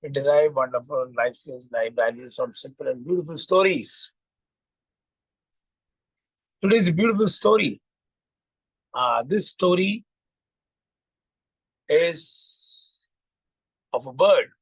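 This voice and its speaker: A man's voice: fairly high pitch, expressive, unhurried, long pauses, husky, dry recording, rough recording. A man with an Indian English accent, a life coach who tells a moral story with frequent fillers and restarts.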